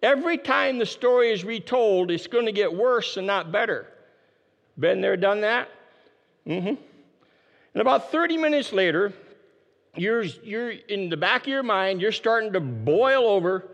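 A man preaching a sermon, emphatic and repeating his key phrases, dropping his voice low to stress a point. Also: lively intonation, a little slow, fairly bright tone, long reverb tail, lo-fi sound. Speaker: pastor.

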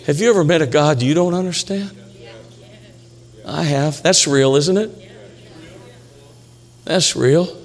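A man's voice: high voice, lively intonation, a little slow, long pauses. A male pastor preaching a sermon in a church, emphatic and repetitive, with jokes along the way. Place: church sanctuary. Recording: reverberant church hall.

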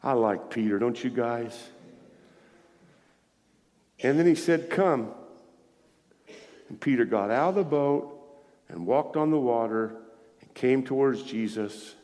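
A man preaching a sermon in a lively way, calling out to his congregation as he reads and explains scripture. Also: medium pitch, unhurried, long pauses. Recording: echoey hall with long reverb.

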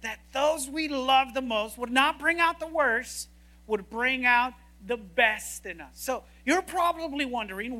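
A woman preaching a sermon in an animated, joking, emphatic way. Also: high-pitched, measured pace.

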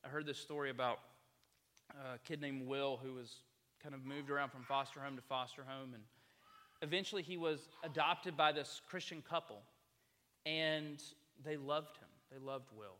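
Male pastor, sermon delivery, impassioned rhetorical questions; bright voice, long hall reverb. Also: mid-range voice, moderate pace, a little hiss or hum.

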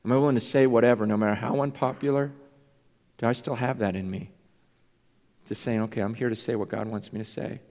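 A man's voice: mid-range voice, steady tone, fast, a little mellow. A man preaching a sermon as pastor, earnest and confessional, questioning himself aloud. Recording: long reverb in a large hall.

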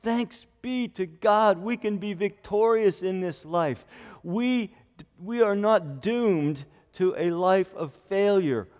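A male pastor preaching a sermon, quoting scripture at length and rising to loud, emphatic declarations. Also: high voice. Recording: long hall reverb.

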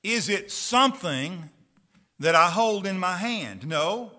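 A man preaching a sermon who reads scripture aloud with slow, earnest emphasis and asks his listeners direct questions. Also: high-pitched, animated, sharp tone.

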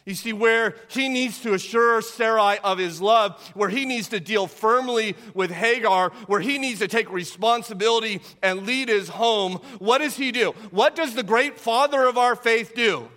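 A man with a notably high voice preaches in a relaxed, conversational way, often tossing out a quick "right?" to his congregation. His words ring out with a long reverb tail from a large hall. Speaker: pastor. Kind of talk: sermon.

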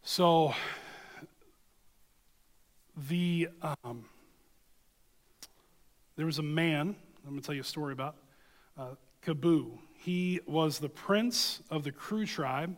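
A man delivers a sermon with earnest emphasis, moving between scripture reading and storytelling. His voice sits a little high for a man. The sound carries a long reverb, as if from a church sanctuary. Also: takes it slowly, pauses often. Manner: earnest, emphatic, addresses listeners with "okay?". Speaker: preacher.

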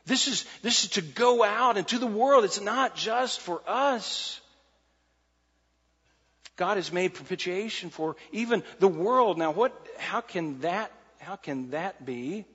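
A man preaching a sermon as pastor, animated and repeating key phrases for emphasis. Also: high voice, slow, breathy edge. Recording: muffled sound in a large reverberant hall.

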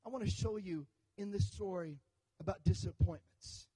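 A man's voice: high voice, normal speed, husky, rough recording. A man preaching a sermon to his church, telling a story with jokes and calls for the congregation to answer. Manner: animated storytelling with jokes and audience call-outs. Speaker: pastor.

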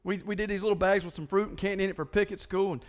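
A high-pitched man with a drawl preaches to his congregation. He talks in animated bursts, stumbling and repeating words as he builds up. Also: rapid-fire. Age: older than most listeners. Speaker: pastor. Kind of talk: sermon.

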